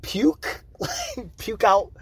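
A man co-hosting a casual movie review podcast, laughing and swearing through excited banter. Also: very high-pitched, extremely slow, husky, dry recording. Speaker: podcast co-host.

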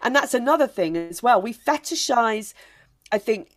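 A woman comedian, a guest on a podcast, talking in a casual, emphatic and animated way. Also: a little high, normal speed. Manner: emphatic, animated storytelling with laughs.

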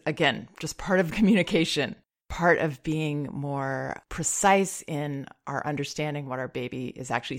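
A woman calmly giving parenting advice, gentle and reassuring, with soft laughs. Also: deep voice. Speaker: parenting advisor. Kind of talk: advice talk.

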